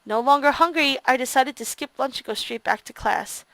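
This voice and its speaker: A woman's voice: high voice, a little fast, a bit bright, dry recording. A woman streamer reading a visual novel aloud and reacting expressively to it.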